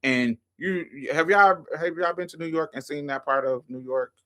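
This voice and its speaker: A woman's voice: low-pitched, moderate pace, a bit bright. A woman hosting a show, casually telling a story to her listeners, swearing freely and calling them y'all, honey and baby. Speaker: host.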